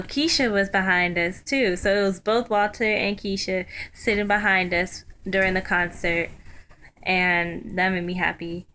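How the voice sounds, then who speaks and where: A young woman telling a story in a casual vlog, chatty and excited, full of ums and likes. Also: medium pitch, slight background noise. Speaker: vlogger.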